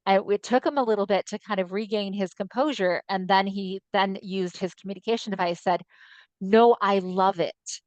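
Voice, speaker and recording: A woman hosting a webinar on a video call, talking in a quick, friendly way with fillers. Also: medium pitch, fairly even intonation, a little mellow, no echo. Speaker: webinar host, voice-banking coordinator. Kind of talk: webinar discussion.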